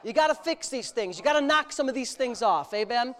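A man's voice: very high voice, animated, fairly quick. Bold storytelling preacher man. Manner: storytelling, bold and exhorting, rising to loud emphasis. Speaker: pastor. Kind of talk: sermon.

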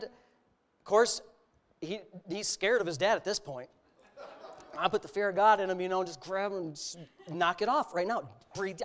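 A middle-aged male preacher who tells a personal story in an easy, conversational way before building into bold, forceful exhortation. His voice sits at an ordinary pitch for a man and climbs to loud, emphatic peaks as he drives his points home. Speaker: pastor. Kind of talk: sermon.

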